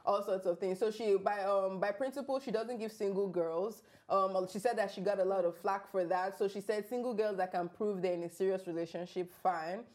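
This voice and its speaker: A woman co-hosting a panel chat show, recounting a news story in a relaxed way. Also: mid-range voice, brisk, few pauses. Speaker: show co-host.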